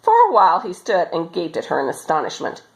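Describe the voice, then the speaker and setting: A woman reading a children's story aloud as storyteller, in an expressive, animated manner. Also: fairly low pitch, brisk, gravelly, rough recording.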